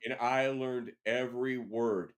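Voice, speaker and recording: Animated storytelling man. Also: mid-range voice, measured pace. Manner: animated storyteller, swears freely. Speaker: show host. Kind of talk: casual chat.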